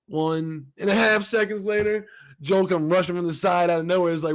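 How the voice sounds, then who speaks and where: A man's voice: sits high, steady tone, brisk. A man hosting his own show, recapping and reviewing a TV episode in a loose, rambling, profane way, often acting out the characters' lines. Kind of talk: casual solo recap and review.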